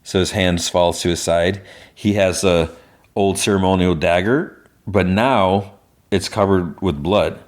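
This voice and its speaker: A man with a very low voice hosts a podcast, casually walking through a TV episode scene by scene. He fills his retelling with "like" and loose restarts. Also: a little slow. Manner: retells scenes with lots of "like" and "he's like". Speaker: podcast host.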